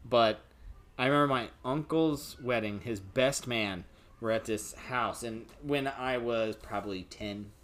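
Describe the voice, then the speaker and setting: A man's voice: medium pitch, a little slow, a bit bright. Casual young guy, rambling and profane, easygoing conversational delivery. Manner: loose, profane, rambling storytelling. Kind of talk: casual chat.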